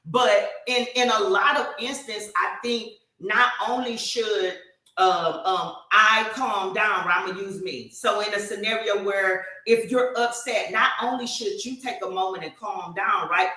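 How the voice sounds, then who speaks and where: Chatty woman with a bright, echoey voice. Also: mid-range voice, unhurried. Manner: animated storytelling with many fillers. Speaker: podcast co-host. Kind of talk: casual podcast chat.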